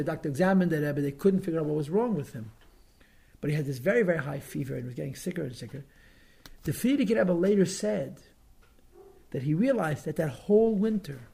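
A man with a gravelly, husky voice that sits a little high for a man. He tells a story as a lesson, repeating words for weight and acting out quotes with feeling. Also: dark tone. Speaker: teacher telling a story.

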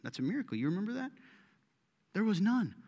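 A middle-aged male pastor with a fairly high voice, giving a sermon. His talk is loose and joking, and it swells into emphatic preaching. A long reverb trails off the walls of the church hall. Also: sing-song, fast talker, creaky, a little mellow, lo-fi sound. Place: church sanctuary.

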